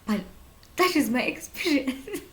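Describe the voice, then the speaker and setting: A young woman in her twenties with a Kenyan accent, telling a personal story to camera in a chatty, animated way. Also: high voice, unhurried. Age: 20s. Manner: chatty, animated, full of "like" and "honestly". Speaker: vlogger. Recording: roomy echo.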